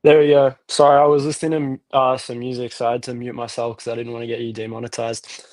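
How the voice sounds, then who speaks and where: A young Australian man calling in to a fan show, chatting in a relaxed, rambling way. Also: medium pitch, fast talker, no room sound. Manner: relaxed, rambling, lots of fillers and restarts. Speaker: caller. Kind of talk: casual call-in chat.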